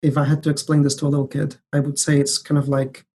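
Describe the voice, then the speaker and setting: Guest speaker, male, gravelly husky voice, flat delivery, explains things thoughtfully. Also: fairly high pitch. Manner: thoughtful, measured, some hesitant restarts. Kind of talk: casual tech podcast chat.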